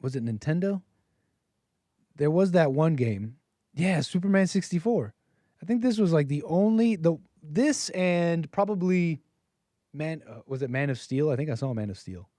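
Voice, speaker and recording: A man in his thirties hosts a call-in livestream in a loose, rambling way, chuckling as he reads viewer messages aloud. His voice has a mellow, darker tone. The recording is dry and close, with no room sound. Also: fairly high pitch, expressive, normal speed, no room sound. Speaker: host of a call-in stream. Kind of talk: casual livestream commentary.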